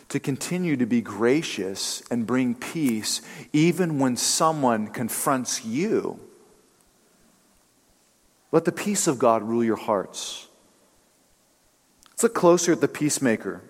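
A man's voice: medium pitch, in a large hall. A male pastor giving a sermon in a conversational, storytelling way, with casual fillers.

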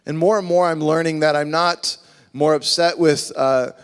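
Guy pastor preaching, fairly high voice, lively, big church echo. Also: normal speed, clean tone. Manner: animated preaching, acts out voices. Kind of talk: sermon. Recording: long reverb of a large hall.

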